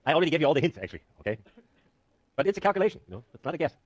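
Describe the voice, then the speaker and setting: A male professor teaching a lecture hall full of students, talking at a rapid clip with a slightly raised pitch. He jokes and teases his audience as he works through the numbers. His voice sounds close and dry, with little room sound. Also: highs cut off. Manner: joking, animated, self-mocking. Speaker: university professor. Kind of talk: classroom lecture with live demo.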